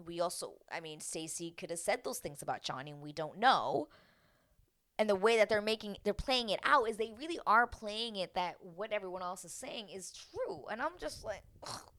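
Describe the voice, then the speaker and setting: Woman host, casual recap chat, lively pitch, bright edge, salty and animated. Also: moderate pace, no echo, studio quality. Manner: animated, acts out quotes, swears freely.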